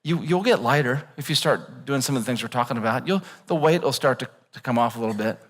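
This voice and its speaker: A man preaching a sermon in a church, animated and joking, acting out worried voices. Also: medium pitch, quick pace, in a large hall. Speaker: pastor. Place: church auditorium.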